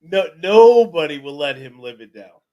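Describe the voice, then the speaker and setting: A man co-hosting a sports talk show, agreeing in a halting way and repeating words as he starts. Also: on the high side, expressive, highs cut off. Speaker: sports podcast co-host.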